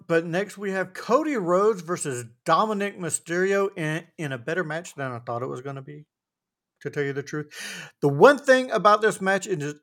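Animated man recapping wrestling. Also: on the high side. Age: adult with a wife. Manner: rambling, animated, frequent restarts and fillers. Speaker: podcast co-host. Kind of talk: casual wrestling recap chat.

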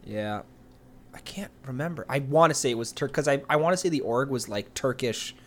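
A man's voice: medium pitch, animated, brisk, a bit bright. A man co-hosting a casual esports chat, rambling with many fillers and restarts. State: hiccups. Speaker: podcast co-host.

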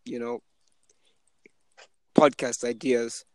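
A man's voice: brisk, creaky, dry recording, rough recording. A young man hosting a podcast, chatting casually and telling stories, acting out the people he quotes. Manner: storytelling, acts out the people he quotes in a higher voice. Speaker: podcast host. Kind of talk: casual chat.

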